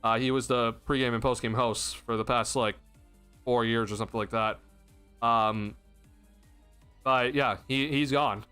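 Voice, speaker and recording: A man's voice: medium pitch, steady tone, a little slow, long pauses, bright, forceful tone, smooth, faint music behind. Exasperated young man ranting on stream. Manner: exasperated, laughing, rambling with restarts. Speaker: sports streamer. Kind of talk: ranting postgame livestream.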